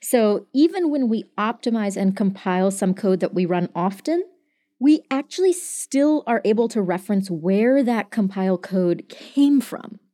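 A woman's voice: medium pitch, expressive, dark tone, dry recording. Woman podcast cohost, chatty, lots of "like", dry close mic. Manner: chatty, many filler "like"s, quick asides. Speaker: podcast co-host explaining code. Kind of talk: casual explanatory chat.

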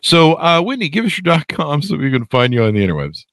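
A man's voice: a little high, very animated, quick pace, a bit bright, no room sound. A man hosting a podcast, rambling with joking asides and many fillers on a close mic. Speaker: podcast host.

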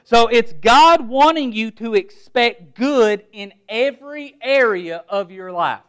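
A man preaching a sermon in a noticeably high voice. He stresses words one by one and poses rhetorical questions, then drops quiet and low to land his key points. He sounds middle-aged. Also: expressive, takes it slowly, clear, resonant tone. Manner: emphatic preaching, word-by-word emphasis, rhetorical questions. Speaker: pastor.

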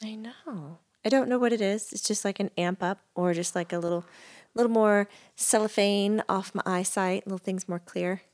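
A woman's voice: medium pitch, normal speed, darkish tone. Giggly woman telling a story. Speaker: podcast co-host, medium. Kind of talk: casual chat, storytelling.

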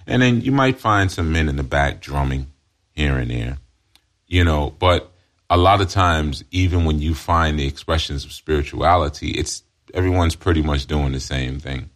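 Man, extremely deep voice, spiritual counselor, emphatic teaching monologue, repeats phrases. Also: moderate pace. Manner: repetitive, emphatic, frequent "you see".

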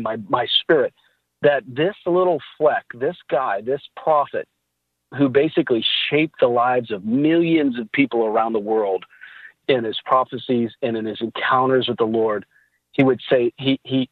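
A man's voice: medium pitch, husky, no echo. Man telling faith stories over tinny line. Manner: animated storytelling with laughs. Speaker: podcast guest. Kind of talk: casual faith talk.

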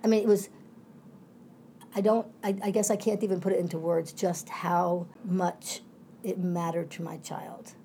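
Low, gravelly-voiced woman professor. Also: little pitch movement, moderate pace, warm tone, slight background noise. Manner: reflective, talks in winding asides. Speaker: professor, interview guest. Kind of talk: conversational interview.

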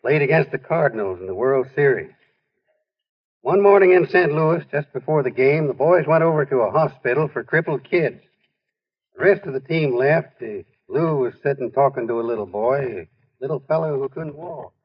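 A man narrating a 1940s radio drama in a folksy, husky voice on a dull old recording. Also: mid-range voice, expressive, moderate pace.

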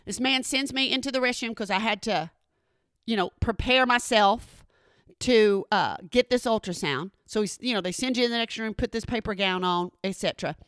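A woman telling a funny personal story in an animated, exasperated way, talking straight to her listeners. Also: a little high, normal speed, clean tone, no room sound, studio quality. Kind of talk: comedic storytelling monologue.

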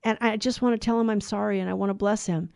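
A woman voicing a gruff, self-pitying old father. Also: medium pitch, steady tone, fast, a little mellow, dry recording, studio quality, lightly acted. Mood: remorseful.

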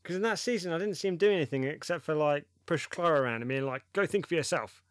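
Smooth-voiced man hosting a podcast. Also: fairly high pitch, lively intonation, quick pace, no room sound, studio quality. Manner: rambling, many fillers and likes. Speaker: podcast host. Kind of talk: casual chat.

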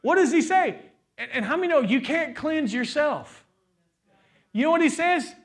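High-pitched man preaching a sermon. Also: expressive, normal speed. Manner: preaching, building to shouts, asks the congregation questions. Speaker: pastor.

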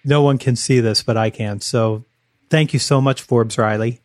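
A man's voice: medium pitch, steady tone, moderate pace. A man in his forties hosting a podcast, upbeat and conversational, doing interviews and ad reads. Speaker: podcast host. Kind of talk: interview and ad read.

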